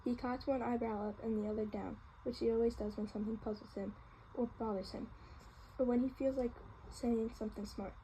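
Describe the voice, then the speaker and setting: A woman's voice: fairly high pitch, fairly even intonation, fairly quick, mellow, slight background noise, low-quality recording. A woman reading a novel aloud in a casual way, with small slips and restarts. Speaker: reader.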